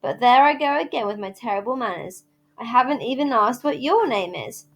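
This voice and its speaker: A woman reading aloud, voicing a chatty, dramatic, imaginative young girl with red pigtails who talks in flowery, theatrical rushes. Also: on the high side, expressive. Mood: gushing. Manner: flowery, theatrical, rushing talk.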